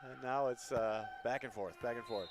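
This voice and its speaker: A man doing color commentary for a high school basketball game on a headset, easygoing with quick reactions. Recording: noisy gym feed.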